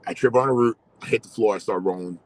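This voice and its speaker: A middle-aged man hosting, telling a story in casual, animated chat. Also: on the low side, quick pace, rough recording. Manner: animated, swearing, storytelling with quoted voices. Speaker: host.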